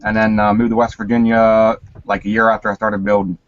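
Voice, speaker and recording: A man's voice: lowish voice, flat delivery, brisk, highs cut off. A man who builds guitars, chatting casually with hesitant fillers. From Pennsylvania. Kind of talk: casual group chat.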